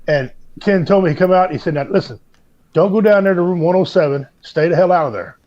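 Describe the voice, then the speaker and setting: A man with a fairly high voice tells drawling, folksy stories among friends. The recording is dull and lo-fi. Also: fast talker. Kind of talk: casual bar-room chat. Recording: dull lo-fi sound.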